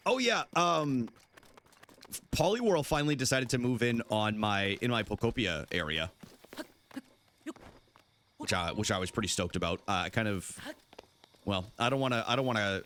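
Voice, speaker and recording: Animated goofy young man streaming a game. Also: fairly quick, long pauses, a little hiss or hum. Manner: goofy, banters with chat, animated swings in pitch. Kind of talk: casual live gameplay chat.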